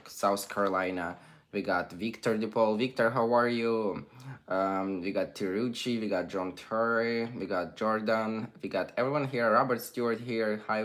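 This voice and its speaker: A young man with a Ukrainian accent, chatting casually on a livestream and reading viewer comments aloud. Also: on the low side. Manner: chatty, reads comments aloud, non-native phrasing. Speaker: livestream host.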